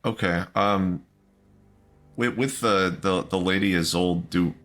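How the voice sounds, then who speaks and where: A man's voice: low voice, slow pace, fairly bright tone. A man playing his character in a tabletop game, talking hesitantly with many ums and restarts. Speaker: player.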